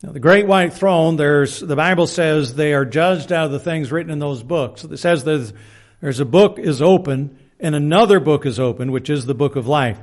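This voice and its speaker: A man's voice: a little high, normal speed. A man preaching a Bible lesson, reading verses aloud and adding plain-spoken personal asides, often restarting his words. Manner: reads scripture aloud, plain-spoken, self-deprecating asides. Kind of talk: Bible teaching sermon.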